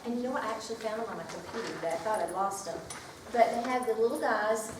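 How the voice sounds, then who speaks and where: A woman teacher talks to a group in a lively, chatty way and now and then reads a picture book aloud. She sits far from the mic in a large room with heavy echo. Steady noise runs underneath. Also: a little high, fast talker. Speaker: teacher leading a workshop. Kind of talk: classroom workshop talk.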